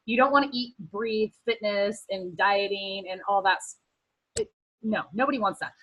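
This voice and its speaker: A woman's voice: mid-range voice, moderate pace, a bit bright, low-quality recording. Earnest woman on a team video call. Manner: earnest, encouraging, rambling with fillers. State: emotional, close to tears at times. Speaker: team member sharing advice on a team call. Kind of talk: casual motivational talk on a video call.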